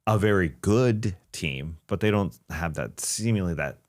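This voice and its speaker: A man co-hosting a casual basketball talk show, relaxed and self-deprecating. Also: low-pitched, measured pace. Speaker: podcast co-host. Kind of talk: casual sports chat.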